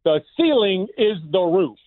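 A good-humored man on a tinny phone line, his high voice leaping all over in pitch. He plays along with a casual, laughing ease. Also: big pitch swings, measured pace, no room sound. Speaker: radio broadcaster.

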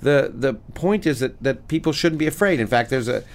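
A middle-aged man, a physicist guest, talking animatedly in an interview with many restarts. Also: mid-range voice. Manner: animated, many restarts, reads a passage slowly. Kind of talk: conversational interview.

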